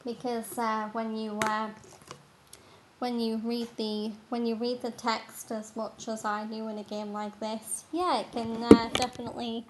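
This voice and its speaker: A young British woman streaming a game, chatting casually in a relaxed, slow way with lots of ums and pauses. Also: fairly high pitch, noisy background. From Britain. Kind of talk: casual live-stream chat.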